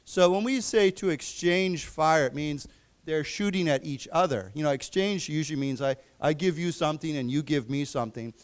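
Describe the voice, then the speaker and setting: A man teaching a live English class, slowly explaining vocabulary and quizzing his students. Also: a little high, smooth. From United States. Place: library lecture room.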